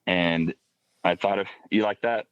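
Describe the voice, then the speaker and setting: Male podcast guest, deep voice, dry and slightly dull sound, thoughtful and halting delivery. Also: fairly even intonation, clean tone, no room sound, faint music behind. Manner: halting, reflective, with many restarts and soft asides. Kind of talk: personal faith story in casual podcast conversation.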